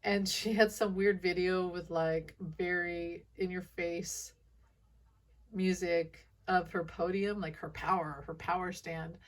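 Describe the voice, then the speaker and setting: Brief: lower-pitched woman, casual intuitive reader, rambling and self-interrupting. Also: fairly even intonation, slow pace, distant mic. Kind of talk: casual commentary.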